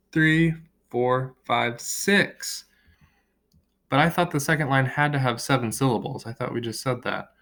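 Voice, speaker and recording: A man's voice: medium pitch, a bit bright. Patient man teaching a children's lesson. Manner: slow, drawn-out word clapping and counting; friendly, patient classroom explaining. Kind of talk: recorded online lesson for children.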